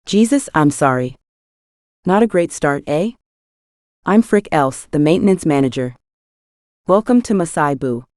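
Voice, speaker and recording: A woman's voice: low-pitched, expressive, measured pace, pauses often, a little mellow, dry recording, clean studio sound. A woman voicing a brash, crude male maintenance manager who swears and talks bluntly, in an audiobook. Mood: gruff. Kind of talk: audiobook character voice.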